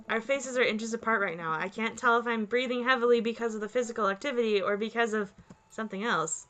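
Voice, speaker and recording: A woman playing and reading a dating game aloud for her video channel, excitable and quick to shriek with delight. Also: on the high side, faint music behind. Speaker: gaming video host. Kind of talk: let's play commentary and reading game text.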